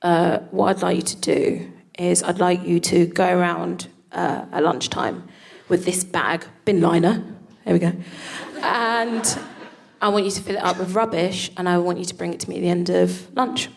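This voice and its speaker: A woman's voice: on the low side, fairly even intonation, normal speed, gravelly. Woman doing a spiteful male schoolteacher. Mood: stern.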